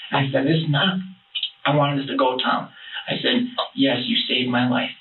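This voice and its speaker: Man rambling through a tinny interview tape. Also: mid-range voice. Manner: rambling, halting retelling with many restarts. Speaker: man questioned by detectives. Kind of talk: recorded police interview. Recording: tinny, distant, echoey interview room recording with noise.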